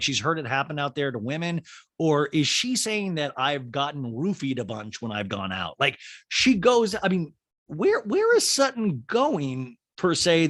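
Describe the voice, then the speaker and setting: A man hosting a podcast, giving a comedic TV recap, animated and laughing as he acts out quotes. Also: fairly high pitch, no room sound, studio quality. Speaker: podcast host.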